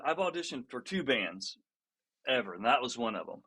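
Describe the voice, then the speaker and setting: Man telling a lively story. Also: mid-range voice, brisk, slightly rough. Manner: lively storyteller who acts out what others said; laughs often and restarts sentences. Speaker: guest musician. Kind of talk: casual storytelling in a podcast interview.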